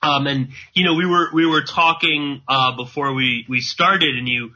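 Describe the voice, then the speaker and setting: A man's voice: a little high, fairly even intonation, moderate pace, pushed and bright. A male host in an interview, agreeing readily and stammering a little as he begins. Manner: affirming, slightly stammering. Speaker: podcast host. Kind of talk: conversational interview. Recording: dull, lo-fi audio.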